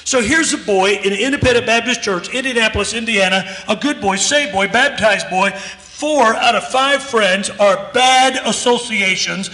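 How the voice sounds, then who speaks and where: A man's voice: high-pitched, normal speed, few pauses, pushed and bright. A man preaching a sermon in a church, telling a story emphatically and acting out both sides of a conversation. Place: church sanctuary. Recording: echoey church hall with long reverb.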